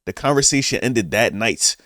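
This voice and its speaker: A man's voice: lowish voice, lively intonation, moderate pace, a bit bright, no echo, clean studio sound. A young man, a vlogger, telling a casual story in a laid-back, slangy way and acting out both sides of a conversation.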